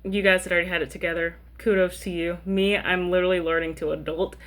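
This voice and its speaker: A woman's voice: fairly low pitch, little pitch movement, quick pace, fairly bright tone. Chatty thirty-year-old woman vlogging. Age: 30s. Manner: chatty and rambling, keeps asking "you know what I mean". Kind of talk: casual chat to camera.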